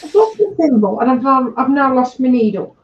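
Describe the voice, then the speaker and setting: A woman on a livestream, chatting casually and gently teasing the others. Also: high-pitched, big pitch swings, brisk, echoey room, highs cut off. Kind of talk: casual chat.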